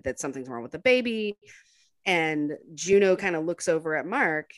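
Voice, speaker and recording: A woman's voice: low-pitched, no echo. A woman co-hosting a casual film podcast, retelling scenes animatedly and laughing often. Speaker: podcast co-host.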